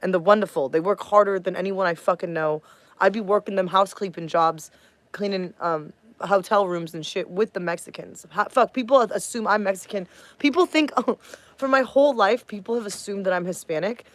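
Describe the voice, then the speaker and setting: A woman's voice: medium pitch, a little fast, dry recording. A woman from the United States ranting on a livestream in a profane, rambling way, losing her train of thought. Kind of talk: casual livestream rant.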